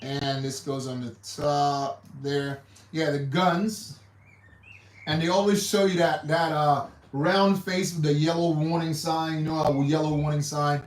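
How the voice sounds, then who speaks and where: A man's voice: a little high, fairly even intonation, a little slow, slight background noise. A man hosting a casual livestream, rambling and repeating himself with hesitant restarts. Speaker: livestream host. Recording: echoey room, mic far off.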